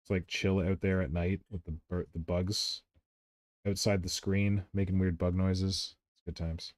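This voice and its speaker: A man's voice: low voice, level tone, measured pace, no room sound, studio quality. A man hosting a casual hobby painting stream, chatty and playful with his co-hosts. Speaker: streamer host.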